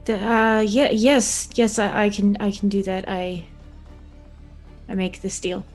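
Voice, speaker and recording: A jittery, high-voiced figure stammers and trips over every word, as a man puts him on for a tabletop game. The voice sits far above a man's usual range and stays loud. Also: level tone, faint music behind. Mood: flustered. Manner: halting, stammering.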